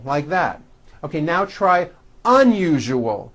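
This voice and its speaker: An English pronunciation teacher, leading drills and reading practice sentences in a deliberate, carefully articulated way. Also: medium pitch, big pitch swings. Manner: slow, deliberate, clearly articulated drilling of words. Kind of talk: recorded English pronunciation lesson.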